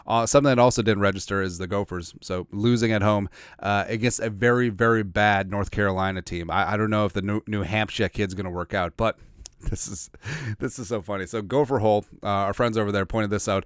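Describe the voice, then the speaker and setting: A man's voice: fairly low pitch, steady tone, fairly quick, clean tone, no echo, studio quality. A man hosting a sports podcast, talking casually and sarcastically, rambling and trailing off into mutters. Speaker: podcast host.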